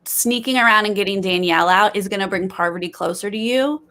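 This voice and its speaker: Bright-voiced woman co-hosting a podcast. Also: medium pitch. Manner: opinionated, quick to critique. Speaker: podcast co-host. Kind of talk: casual recap chat.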